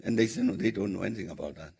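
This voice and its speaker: An older South African man telling a long anecdote at a question-and-answer session, measured and pausing often with "uh" as he recounts conversations. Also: lowish voice, a little mellow. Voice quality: gravelly, husky. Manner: measured, recounting dialogue with frequent "uh" pauses. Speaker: former head of state answering questions. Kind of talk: anecdotal storytelling in a Q&A.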